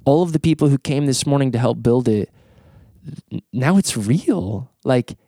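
A man hosting a podcast, speaking in a middle-pitched voice recorded close and dry. He tells stories with animated energy, often stammering over repeated words and swearing casually. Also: normal speed, no room sound. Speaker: podcast host.

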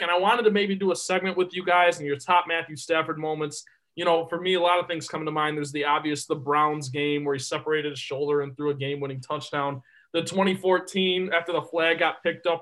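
Man with a high voice, sports podcast co-host, emphatic, repeats himself, casual chat. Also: low-quality recording. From Detroit area. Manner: emphatic, repeats words when excited.

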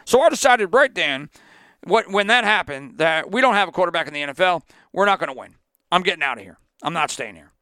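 A man doing a deliberately poor impression of a defensive older male football coach who blames others in a blunt, self-justifying way. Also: sits high, pushed and bright, clear, resonant tone, no echo, studio quality. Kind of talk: mock impression read aloud.

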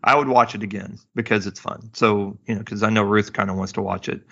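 Rambling low-voiced man, casual chat. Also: fairly even intonation, gravelly, a bit bright, lo-fi sound. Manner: rambling, halting restarts, dad jokes. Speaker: podcast co-host.

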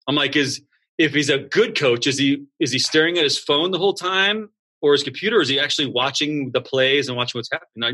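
A man who founded a school, talking in a relaxed interview and acting out students and coaches in quick voices. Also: medium pitch. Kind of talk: casual interview talk.

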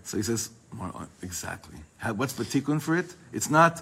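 A man teaching a Torah class to a small group, quickly reading Hebrew passages and then explaining them in English in a lively way. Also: on the low side, breathy edge, rough recording.

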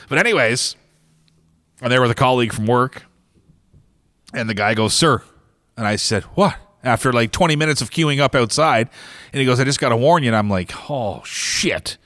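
A man's voice: fairly low pitch, fairly bright tone, dry recording. Dry, rambling man. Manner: rambling storyteller, many fillers and chuckles. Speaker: podcast host. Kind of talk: casual sports podcast chat.

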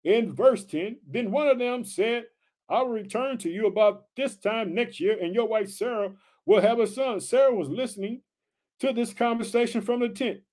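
Brief: man preacher, high voice, pumped-up exclamatory Bible teaching, calls listeners family. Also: moderate pace, a little mellow. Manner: reads scripture aloud then comments. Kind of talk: energetic Bible study sermon.

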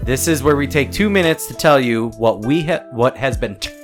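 A man's voice: medium pitch, brisk, soft background music. A man hosting a casual podcast chat, telling stories with lots of laughter. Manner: animated storyteller, laughs often. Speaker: podcast host.

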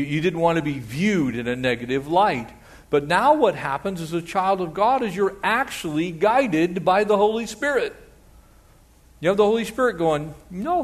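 A pastor preaching a sermon in an animated way, slipping into quoted voices and playful asides. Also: male voice, fairly high pitch.

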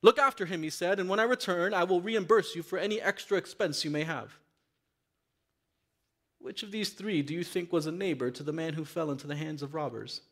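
A man's voice: on the high side, brisk, a bit bright. A man preaching a sermon in a church, reading scripture aloud and then speaking earnestly and openly to the congregation. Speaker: pastor.

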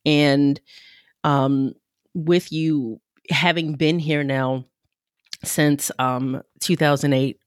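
A woman hosting an interview podcast, asking reflective, rambling questions and getting animated when reacting. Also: sits low, drawn-out words, smooth, no echo, studio quality. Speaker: podcast host. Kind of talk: conversational interview.

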